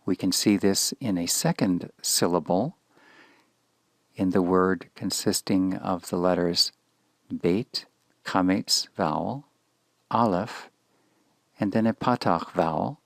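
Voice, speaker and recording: A man teaching a lesson on Hebrew letters and pronunciation, patient and deliberate, spelling out each letter. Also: low voice, vocal fry, no echo. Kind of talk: slow instructional lesson.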